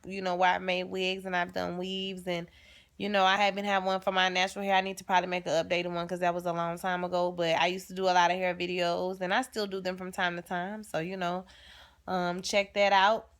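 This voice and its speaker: Sassy, bright-voiced woman vlogger. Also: fairly low pitch, a little fast. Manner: sassy, animated and chatty, with frequent laughs. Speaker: TV recap vlogger. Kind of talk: casual TV episode recap.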